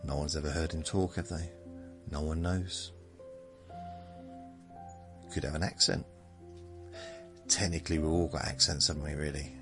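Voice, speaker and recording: A man in his seventies hosting a podcast, rambling in a meandering, self-mocking way, with drawn-out phrases. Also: extremely low pitch, steady tone, over music. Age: 70s. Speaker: podcast host. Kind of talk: rambling bedtime monologue.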